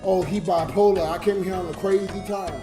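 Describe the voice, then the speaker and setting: A man's voice: high-pitched, fairly even intonation, a little fast, over music. Drunk, tearful man ranting on a livestream. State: crying. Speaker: livestreamer and YouTube comedian. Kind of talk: emotional livestream talk to chat.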